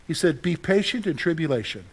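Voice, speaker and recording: High-voiced animated preacher man. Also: fairly quick, breathy edge. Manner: conversational, asks the audience questions and answers them; animated storytelling with sudden loud outbursts. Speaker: pastor. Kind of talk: sermon.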